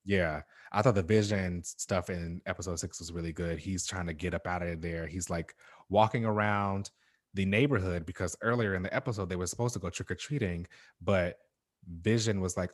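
Guy with a lowish voice chatting about a show, lots of ums and likes, laughs a bunch, dry close mic. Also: normal speed, no echo. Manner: rambling with many fillers and laughs. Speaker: podcast co-host. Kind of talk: casual TV recap chat.

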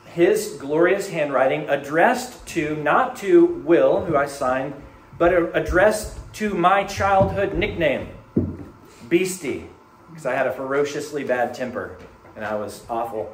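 Animated male pastor preaching in an echoey room. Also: a little high, measured pace, a little hiss or hum. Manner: animated, swings from hushed to emphatic. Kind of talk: sermon.

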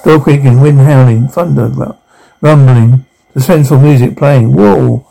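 A man reading a horror show's captions aloud, sound cues included, in an even, uninflected way with brief stumbles. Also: mid-range voice, moderate pace, gravelly, poor audio.

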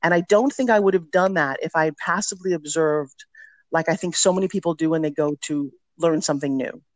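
A woman's voice: low-pitched, brisk, no echo. A middle-aged woman telling candid stories as a podcast guest, talking with energy and emphasis. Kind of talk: podcast interview storytelling.

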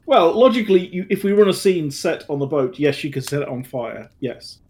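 A man chatting as a player, joking in a wry, deadpan way. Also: fairly high pitch, a little fast. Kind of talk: casual chat among friends.

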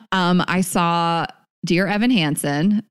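A woman's voice: fairly low pitch, slow pace, smooth. A young adult woman co-hosting a podcast, chatting candidly, laughing often and swearing casually. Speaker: podcast co-host. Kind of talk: casual chat.

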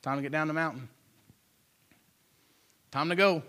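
A hushed, fatherly Jesus, put on by a male preacher, speaks low and steady. He sounds gentle but firm and unhurried, and the voice sits well below the preacher's usual bright tone. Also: natural voice.

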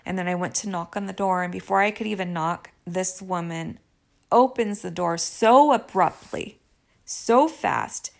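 A woman's voice: on the low side, unhurried, gravelly. A woman vlogger telling a personal story to her viewers in a confiding way, with apologetic asides. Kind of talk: storytime monologue.

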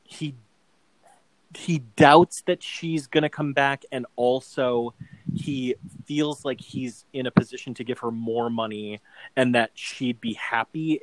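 A mid-range male voice co-hosts a laid-back podcast chat about a TV adaptation, rambling with lots of fillers and acting out quoted lines. The recording is dry and rough.

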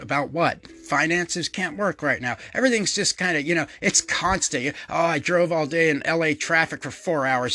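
A man's voice: on the high side, bright, forceful tone. A middle-aged man and podcast host, rambling through a profane, self-deprecating casual monologue and laughing often.

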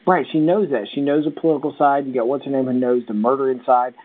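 A male podcast co-host recaps a show in an easygoing, chatty way full of fillers. His mid-range voice is steady in tone and fast, and the sound is tinny and phone-like.

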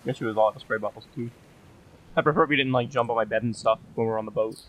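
A man's voice: mid-range voice, very fast, fairly bright tone. A man teasing his fellow players during tabletop role-play banter.

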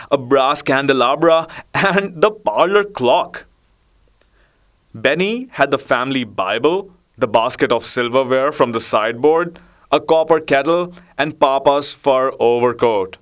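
A man reading a children's story aloud in a measured, expressive way. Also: medium pitch, clean tone. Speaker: narrator.

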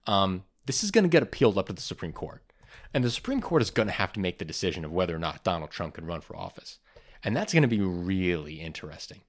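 A man's voice: sits low, sing-song, fast. A man hosting a podcast, going over the week's news in casual chat and reading from notes with frequent ums and restarts. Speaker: podcast host.

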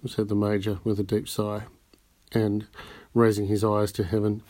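A man's voice: fairly low pitch, level tone, moderate pace, dark tone. Man reading a novel aloud. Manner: reads with occasional slips and restarts. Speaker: audiobook reader. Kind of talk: amateur audiobook narration.

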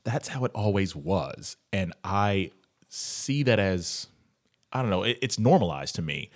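Lively, joking podcast co-host. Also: deep voice, unhurried. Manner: joking, laughs often, animated. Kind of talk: casual podcast chat.

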